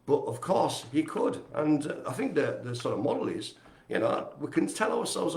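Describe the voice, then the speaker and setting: Cheery host, lively up-and-down delivery, self-mocking waffle, echoey room. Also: male voice, on the high side, normal speed, vocal fry. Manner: chatty, jokey, rambling, self-mocking. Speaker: host of a live community broadcast. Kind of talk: casual live-stream chat.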